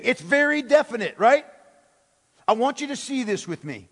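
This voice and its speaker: Pastor guy preaching, really high voice for a man, hammering points w questions, long echo like a big hall. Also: animated, moderate pace, fairly bright tone. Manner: emphatic, rhetorical questions, repeats key words. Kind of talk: sermon.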